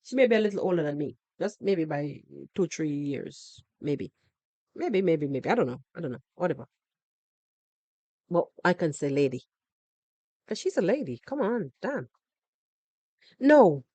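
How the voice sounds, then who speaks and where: A woman's voice: lowish voice, big pitch swings, a little slow, long pauses, dark tone. A Jamaican woman hosting a podcast, giving sarcastic, scolding reaction commentary on a video and slipping into patois. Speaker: podcast host.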